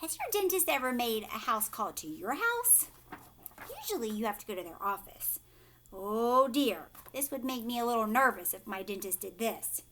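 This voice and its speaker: A teacher reading a picture book aloud to children, pausing to ask her young listeners questions. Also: a little high, a little hiss or hum. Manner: animated, talks to young listeners.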